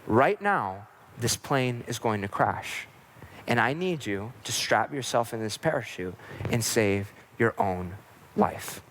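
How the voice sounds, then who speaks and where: A man voicing a calm, gentle airplane pilot who talks softly and reassuringly. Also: mid-range voice, slow, slight background noise, voice pushed down. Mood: calm urgent.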